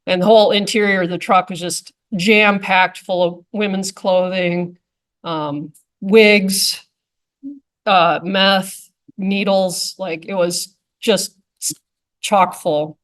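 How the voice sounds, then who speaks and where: A woman's voice: medium pitch, steady tone, takes it slowly. Chatty woman officer telling a story. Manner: chatty, with frequent fillers like "um" and "like". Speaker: conservation officer giving a talk. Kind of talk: casual anecdotal storytelling to a club audience.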